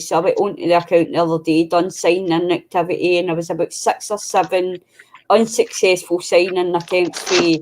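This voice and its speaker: A woman's voice: on the low side, steady tone, moderate pace, darkish tone, a little hiss or hum, poor audio. A Scottish woman hosting a craft stream, chatting in a rambling, self-deprecating way. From Scotland. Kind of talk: casual chat while crafting. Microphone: video call setup.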